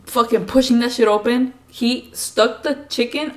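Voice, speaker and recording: A young woman co-hosting a podcast, telling childhood stories in a casual, profane, animated way. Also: on the high side, unhurried. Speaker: podcast co-host. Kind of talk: casual storytelling chat.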